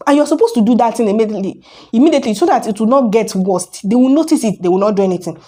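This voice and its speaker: A young woman vlogging straight to camera in a mid-pitched voice. She argues hard, firing off one rhetorical question after another in casual, unscripted speech. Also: expressive, rapid-fire, mellow. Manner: argumentative, fires rhetorical questions. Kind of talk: casual opinion rant to camera.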